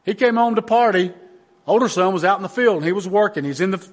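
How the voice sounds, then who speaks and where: A man preaches a sermon with earnest emphasis. His voice is high for a man, and he often backs up and restarts a phrase while driving a point home. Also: quick pace. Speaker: pastor.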